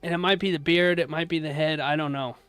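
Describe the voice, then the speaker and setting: A man's voice: a little high, fairly even intonation, quick pace, fairly bright tone, clear, resonant tone, no room sound, faint music behind. Chatty, joking male live-streamer. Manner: jokey, chatty, thanks viewers often. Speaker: live-stream trading host. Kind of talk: casual live-stream chat.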